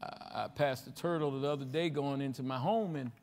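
A male pastor preaching a sermon to his congregation, with call-and-response questions, rising to loud exhortation and dropping to hushed asides. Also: mid-range voice, brisk, faint music behind. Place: church sanctuary with a congregation. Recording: livestream with long hall reverb.

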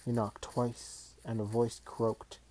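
A man reading a children's fantasy novel aloud in slow, measured narration. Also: medium pitch, level tone, mellow, rough recording. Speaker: audiobook reader. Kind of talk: storybook reading.

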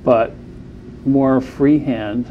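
A man hosting an interview, asking questions in a calm, affirming way. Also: medium pitch, extremely slow, phone-quality sound, a little hiss or hum. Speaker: host.

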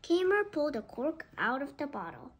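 A woman reading a children's book aloud, slowly and carefully. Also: high-pitched, big pitch swings, lo-fi sound. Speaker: storybook reader.

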